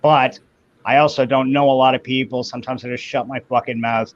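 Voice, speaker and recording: A man chatting casually on an online show, giving opinions in slow, drawn-out phrases and acting out the voices he quotes. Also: mid-range voice, little pitch movement. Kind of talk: casual chat. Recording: dull lo-fi audio.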